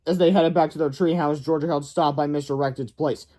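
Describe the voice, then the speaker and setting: A man's voice: fairly high pitch, fairly even intonation, a little fast, warm tone. Man reading a kids' book aloud. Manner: stumbling, self-correcting. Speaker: read-aloud narrator.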